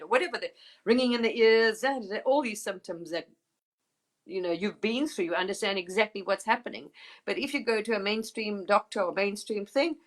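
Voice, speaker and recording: A woman's voice: medium pitch, fairly quick. A woman hosting a casual spiritual live chat, talking emphatically and rambling a little, with mild swearing and laughter.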